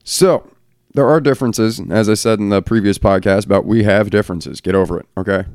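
Man, middle-aged, podcast host, blunt profane rant, smooth voice, dry room. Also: on the low side, fairly quick, darkish tone, no echo. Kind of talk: casual solo podcast rant. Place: bright home room.

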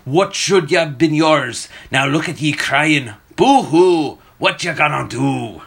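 A man's voice: a little high, animated, creaky, a bit bright, breathy edge, voice pushed up, heavily acted. A man doing a scornful old sea dog. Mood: mocking. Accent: old-time sailor's dialect, put on. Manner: mocking, theatrical, drawn-out. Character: gruff old seafaring lighthouse keeper, man, scornful.

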